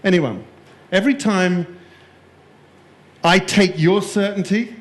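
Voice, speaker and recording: A man giving a conference keynote, jokey and playful, quizzing the live audience in the room. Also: on the high side. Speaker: keynote speaker. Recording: echoey room.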